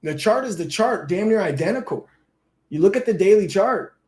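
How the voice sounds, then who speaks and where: Man, livestream host, casual chat, slangy, swears a lot, higher voice. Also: expressive, moderate pace, darkish tone. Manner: loose, slangy, swears often.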